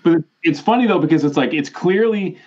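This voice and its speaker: A man co-hosting a podcast in casual chat, relaxed, retelling scenes with quotes. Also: a little high, a little fast, highs cut off. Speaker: podcast co-host.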